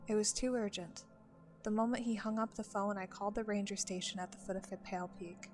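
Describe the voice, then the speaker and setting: A woman's voice: mid-range voice, flat delivery, a little fast. Woman narrating a story over faint music.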